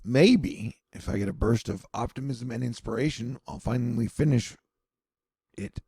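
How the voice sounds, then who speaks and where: A man's voice: mid-range voice, moderate pace, gravelly, darkish tone, breathy edge, no echo. A man giving casual, rambling news commentary with sardonic, self-mocking asides.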